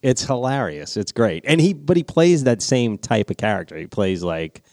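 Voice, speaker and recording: A man's voice: medium pitch, normal speed, no echo, studio quality. A man with a New Orleans accent, rambling through casual podcast chat with friends. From Louisiana, USA. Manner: rambling, relaxed storyteller who swears. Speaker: podcast co-host.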